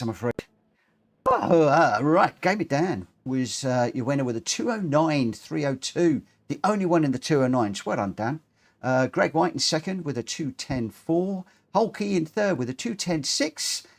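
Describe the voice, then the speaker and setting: A man's voice: a little high, creaky. A man hosting a live racing game stream, talking in a chatty, rambling, self-deprecating way. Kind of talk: casual live-stream commentary.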